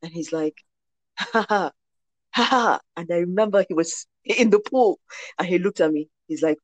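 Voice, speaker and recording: A woman's voice: lowish voice, brisk, no room sound. A woman in her forties from Nigeria, telling her faith testimony as a guest and acting out the voices of the people in it. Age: 40s. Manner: animated storyteller, acts out quoted voices.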